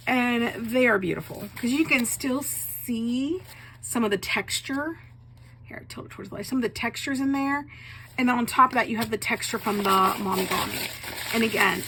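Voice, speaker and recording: A woman with a slightly raised pitch excitedly shows her craft work in a home video, repeating how wonderful and fantastic it all is. She is a bit choked up and coughs now and then. A steady hum of background noise sits under her voice. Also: creaky. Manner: enthusiastic, gushing, repeats praise words. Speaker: craft vlogger, bookbinder. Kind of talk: casual show-and-tell.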